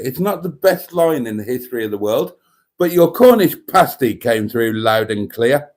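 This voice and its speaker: A man's voice: mid-range voice, animated, normal speed, a little mellow. A man hosting a livestream, tipsy from wine, chatting, laughing and reading comments aloud. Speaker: livestream host. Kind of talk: casual livestream chat.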